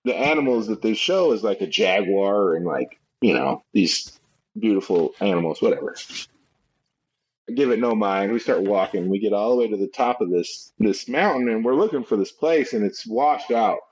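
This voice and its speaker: A man's voice: fairly low pitch, animated, moderate pace. A man chatting casually as co-host, laughing easily and telling a travel story. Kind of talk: casual chat. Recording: dull lo-fi sound.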